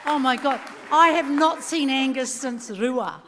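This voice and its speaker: A woman's voice: high-pitched, measured pace, crowd noise, noisy background. Chatty New Zealand woman telling stories on stage. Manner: chatty, animated storytelling with laughs and quoted voices. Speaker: award-winning singer giving acceptance speech. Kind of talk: casual acceptance speech with anecdotes.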